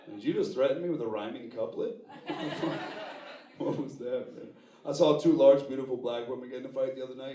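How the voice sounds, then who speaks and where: A man from New York City doing a stand-up comedy set, animated and profane, laughing at his own jokes and slipping into put-on voices. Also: medium pitch. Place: live comedy venue with audience. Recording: roomy, distant live room sound with noise.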